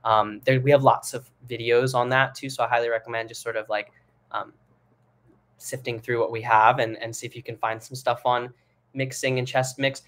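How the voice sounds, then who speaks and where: Young guy vocal coach, mid-pitched voice, talks loose with lots of ums and likes. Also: normal speed. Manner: relaxed, rambling explanations with many fillers, breaks into sung and head-voice demos. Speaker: singing teacher. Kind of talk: live online singing lesson.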